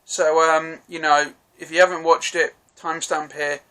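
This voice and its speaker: A man's voice: a little high, little pitch movement, normal speed, bright, forceful tone, smooth. A man giving a casual, rambling film review, swearing freely and restarting his sentences.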